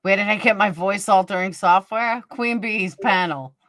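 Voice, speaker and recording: A woman hosts a casual livestream, reading viewer comments, gossiping, and answering people by name in a blunt, profane way. Her medium-pitched voice moves at a normal speed with a fairly bright tone, recorded dry in a clean studio.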